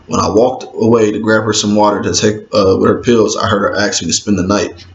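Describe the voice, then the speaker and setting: Low-voiced man reading his own novel. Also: steady tone, brisk. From Indiana, US. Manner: laid-back, conversational, street slang. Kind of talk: casual audiobook reading with asides to listeners. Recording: roomy, dull lo-fi with faint hiss.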